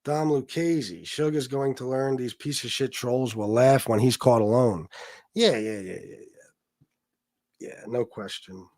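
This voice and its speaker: A man's voice: mid-range voice, unhurried, a little mellow, dry recording. A man hosting a livestream, ranting casually in a profane, boastful, taunting way. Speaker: livestream host.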